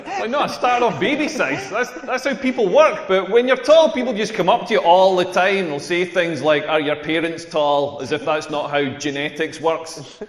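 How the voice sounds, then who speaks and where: A Scottish comedian in his 40s performs a stand-up set on a comedy club stage, his high male voice at a moderate pace. He's wry and self-mocking, laughing through his punchlines, and the live room is echoey.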